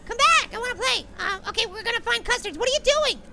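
This is a tiny cartoon apple with a very high, squeaky voice. The voice has a gravelly edge, and the tone is bright and sharp. It narrates a game with excitable yelling and silly name-calling. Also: quick pace, full character voice. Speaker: gaming video host. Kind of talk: cartoon character game commentary.

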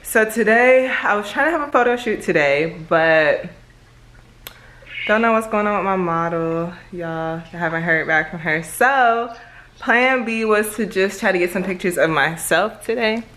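A young woman vlogging to camera from her bedroom at home, chatting quickly and casually. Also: mid-range voice, fairly bright tone, roomy sound, slight background noise. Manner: fast-talking, chatty. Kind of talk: casual vlog chat to camera.

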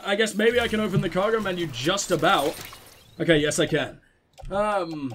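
Man, let's play host, high voice, exasperated swearing, faint noise behind. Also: fairly bright tone. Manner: swearing, exasperated self-talk at the game. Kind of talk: casual gameplay commentary.

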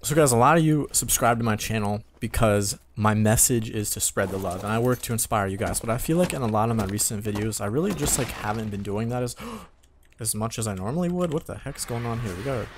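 A man in his twenties hosting casual gameplay commentary, chatty and rambling, with a voice starting to go hoarse. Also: fairly low pitch, expressive, fast talker, noisy background. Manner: chatty, rambling, talks straight to viewers. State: voice going hoarse. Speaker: gaming channel host.

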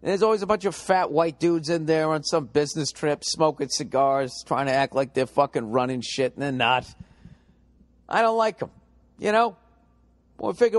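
Profane ranting man, higher voice. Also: normal speed. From United States. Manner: profane, ranting, animated storytelling. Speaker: podcast host. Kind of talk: comic podcast monologue.

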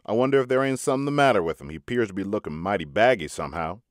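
A man's voice: fairly low pitch, expressive, racing, no echo, studio quality, close to an everyday voice. A man reading a frontier gambler who talks in a casual, folksy drawl. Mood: puzzled. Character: boastful frontier gambler, man, easygoing and proud.

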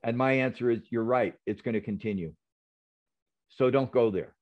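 A man's voice: medium pitch, moderate pace. Earnest man on a muffled call. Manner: earnest, reflective, tells stories with quoted dialogue. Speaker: guest. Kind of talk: interview conversation. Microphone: video call.

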